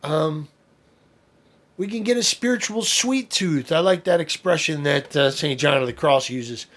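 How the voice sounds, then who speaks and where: A priest giving an informal spoken lesson, explaining with fillers and asides and rising to emphatic peaks. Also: male voice, a little high, unhurried, a bit bright. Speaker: priest teaching a study session.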